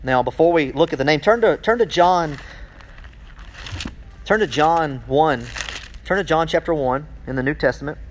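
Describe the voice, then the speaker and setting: A man preaching a sermon to a congregation, reading scripture aloud, then breaking off mid-sentence to ask questions with growing excitement. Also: a little high, normal speed, long pauses, a little hiss or hum. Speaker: pastor.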